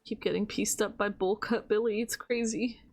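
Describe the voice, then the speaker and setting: A woman streamer giving casual, playful commentary while gaming. She swears, taunts the enemy and rambles quickly to herself. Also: medium pitch, steady tone, darkish tone, faint music behind. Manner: rambling fast self-talk.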